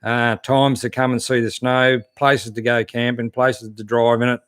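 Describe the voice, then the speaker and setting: Laid-back and matey, an Aussie 4WD channel host works through viewer comments on a casual live stream, using lots of fillers. He speaks at normal speed in a mid-range, slightly bright, clean voice with little pitch movement, recorded in a clean studio with no room sound.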